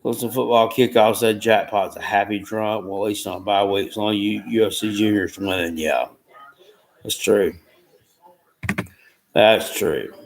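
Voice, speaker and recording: A man's voice: lowish voice, fairly even intonation, a little slow, vocal fry, long pauses, a crowd in the background. A man hosting a live watchalong from home, reading out chat comments in a rambling, folksy and profane way. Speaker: livestream watchalong host.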